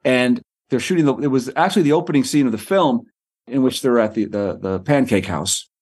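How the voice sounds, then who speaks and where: Man, husky, middle-aged, author guest, lively storytelling, repeats words. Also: mid-range voice. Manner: quick, repeats words and acts out quoted people. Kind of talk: animated anecdotal storytelling.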